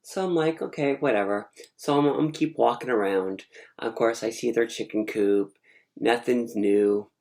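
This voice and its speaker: A woman casually recounting a dream in an animated, rambling, digressive way. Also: rumbling low, unhurried, vocal fry. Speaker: storyteller. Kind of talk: casual storytelling.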